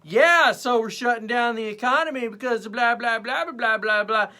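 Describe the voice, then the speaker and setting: A man's voice: very high-pitched, moderate pace, sharp tone, pitched above the performer's own voice. A man putting on the voice of a smug male internet commenter, mocking and exaggerated.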